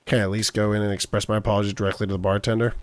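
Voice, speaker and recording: A man's voice: lowish voice, little pitch movement, rapid-fire, pitched below the performer's own voice, close to an everyday voice. A man voicing a wisecracking male cat detective in a film noir game, wry, sheepish and jokey.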